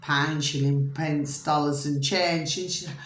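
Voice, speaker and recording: A woman's voice: sits low, fairly even intonation, a little slow, reverberant, a little hiss or hum. A woman vlogging to camera in a chatty, meandering monologue that keeps drifting off track. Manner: chatty, meandering, easily distracted; calls viewers "my delicious little babies".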